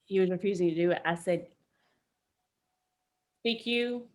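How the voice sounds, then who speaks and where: A woman veteran telling a story on a podcast in a casual, animated way, swearing freely. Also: on the low side, measured pace. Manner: animated, acts out quoted voices, swears freely. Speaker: military veteran guest.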